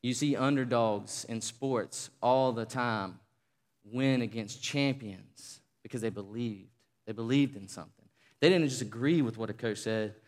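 A man preaching a sermon, telling a story in an animated, conversational way. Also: medium pitch, unhurried, big-room sound. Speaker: pastor.

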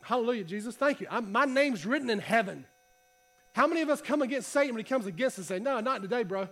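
A man preaching a casual sermon to a congregation, reading scripture and talking in a conversational, animated way. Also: very high-pitched, quick pace. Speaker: pastor. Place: church hall.

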